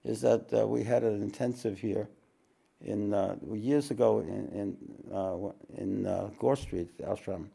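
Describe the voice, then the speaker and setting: This is a spiritual talk delivered to an audience by a man with a lowish, warm voice. He takes his time, often repeating phrases and clearing his throat.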